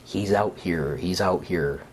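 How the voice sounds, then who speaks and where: A man's voice: sits low, slow, a little hiss or hum. A man doing a hysterical, panicked man in the woods. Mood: frantic. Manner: frantic, yelling.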